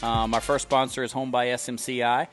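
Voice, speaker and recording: A man's voice: medium pitch, little pitch movement, brisk, over music. A man co-hosting a local sports talk show, explaining sponsorships in a loose, rambling way with many fillers. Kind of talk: casual talk show chat.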